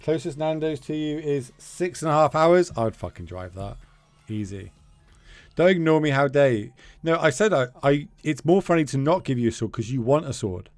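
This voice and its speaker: A man's voice: on the high side, lively intonation, normal speed, darkish tone, no echo, faint music behind. A man streaming a card game, chatting casually with his viewers, joking and swearing.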